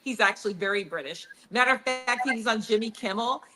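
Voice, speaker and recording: A woman hosting a casual talk show and telling animated stories. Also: a little high, fast, low-quality recording. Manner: chatty storyteller, animated anecdotes. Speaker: host. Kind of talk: casual chat.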